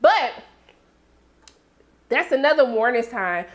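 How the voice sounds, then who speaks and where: Woman, high voice, sassy, animated recap, sudden yells, sore throat. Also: slow. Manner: sassy, loud outbursts, acts out characters. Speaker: TV recap reviewer.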